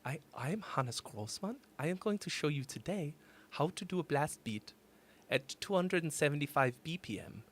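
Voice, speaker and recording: Man doing a German accent, soft-spoken drummer, slow careful delivery, quiet and polite. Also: a little high, expressive. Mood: gentle.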